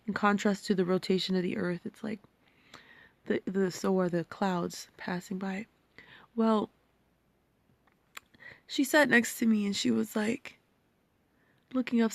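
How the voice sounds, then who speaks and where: A woman in her thirties vlogging personal reflections, emotional and halting, sometimes dropping to a near-whisper. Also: medium pitch, gravelly, a little mellow, dry recording.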